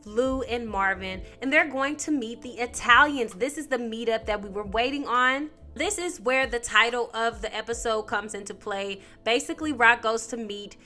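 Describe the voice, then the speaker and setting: A woman hosting a casual TV episode recap, talking in a chatty, slangy, animated storytelling way. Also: on the high side. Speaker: TV recap host.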